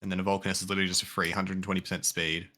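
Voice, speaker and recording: A man's voice: low voice, little pitch movement, rapid-fire, bright, forceful tone. A man in casual voice chat with friends while gaming, thinking aloud and swearing now and then. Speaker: game player.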